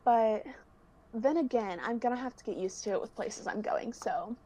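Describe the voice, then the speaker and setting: A woman's voice: a little high, moderate pace, warm tone, slight background noise. A young woman, a singer guesting on a video call, chatting casually, giggling and saying "like" a lot. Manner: chatty and giggly, fills speech with "like". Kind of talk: casual chat.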